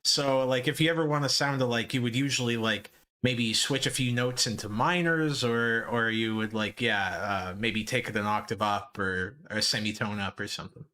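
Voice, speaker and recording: A man's voice: medium pitch, steady tone, normal speed, bright, forceful tone. A young man hosting a casual live stream, cursing, joking at his own expense and laughing often. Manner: profane, self-mocking, laughing often. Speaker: livestream host.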